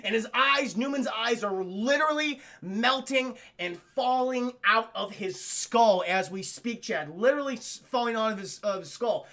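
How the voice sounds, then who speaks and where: A man recapping a film live to his chat, animated and profane. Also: extremely high pitch, moderate pace, hardly any pauses. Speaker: streamer and film reviewer.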